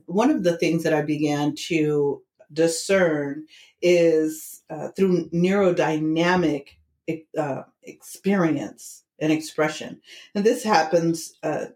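A woman's voice: low-pitched, darkish tone. A middle-aged woman guest telling a personal story in a casual interview, acting out the voices of the people she quotes. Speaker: interview guest, tarot teacher. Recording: roomy echo.

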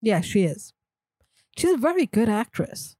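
A woman co-hosts a casual movie podcast in a mellow, warm voice. She is easygoing and agreeable and chats freely. The sound is dry and close. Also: a little high, big pitch swings, unhurried, no echo. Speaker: podcast co-host.

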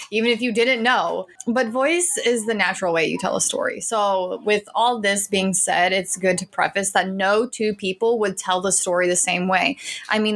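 A woman's voice: medium pitch, a bit bright. A woman co-hosting a podcast, talking in an upbeat, friendly, conversational way. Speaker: podcast co-host. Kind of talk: casual podcast chat.

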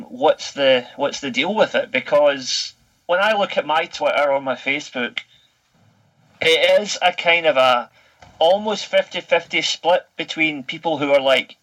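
A man's voice: on the high side, a bit bright, muffled recording. A Scottish man in his thirties chatting on a podcast, telling stories animatedly and swearing freely. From Scotland. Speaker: podcast guest. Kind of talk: casual podcast chat.

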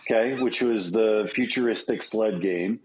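A man's voice: on the low side, measured pace, slight background noise, rough recording. A middle-aged man co-hosting a podcast, telling a story in casual chat and acting out the voices of people in it. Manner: animated storyteller, acts out quoted voices. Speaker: podcast co-host.

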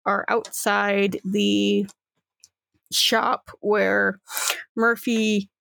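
A woman's voice: mid-range voice, flat delivery, very slow, vocal fry, a bit bright, no room sound. A young woman narrating a tabletop game as game master, in a loose, casual way full of fillers and swearing.

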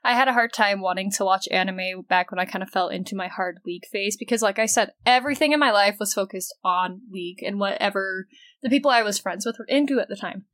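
A woman co-hosting a casual fan podcast, loud, teasing and excitable. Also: mid-range voice, quick pace, dry recording. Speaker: podcast co-host. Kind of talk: casual chat.

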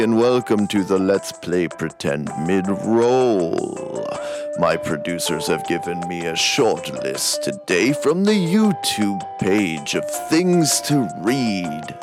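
Deadpan low-voiced man. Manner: dry, unexcitable, drawn-out delivery. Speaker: player and mid-roll reader. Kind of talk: deadpan mock-formal reading.

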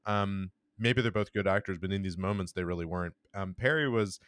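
A man co-hosting a casual podcast chat, giving blunt, wry criticism with halting restarts. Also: low voice, fairly bright tone, clear, resonant tone, dry recording, clean studio sound. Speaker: podcast co-host.

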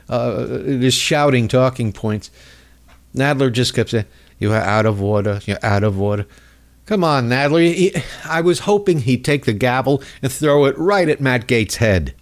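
A man hosting a comedic political rant in a mocking, rambling way. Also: mid-range voice. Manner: mocking, rambling, jumps into voices. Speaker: host.

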